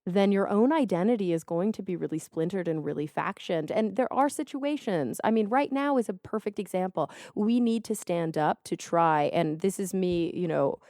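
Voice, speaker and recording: A woman in her thirties hosting a podcast interview, talking in an earnest, opinionated and animated way. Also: lowish voice, normal speed, few pauses, no room sound, clean studio sound. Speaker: podcast host. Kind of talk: casual interview chat.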